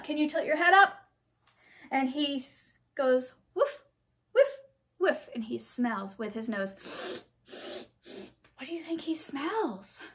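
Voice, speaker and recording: A woman hosting a children's story time, reading a picture book aloud in a sing-song, animated way with exaggerated sound effects. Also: high voice.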